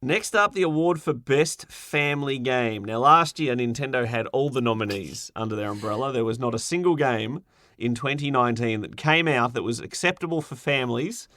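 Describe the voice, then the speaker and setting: A man's voice: mid-range voice, sharp tone, no room sound, studio quality. A man co-hosting a gaming podcast, chatting casually and playfully as he runs through award winners. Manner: playful, jokey, runs through lists quickly. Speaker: podcast co-host.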